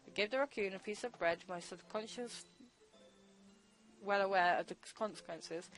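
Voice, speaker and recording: Shy bookish girl, a woman reading her lines, soft and hesitant, quiet little voice. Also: medium pitch, close to an everyday voice, poor audio.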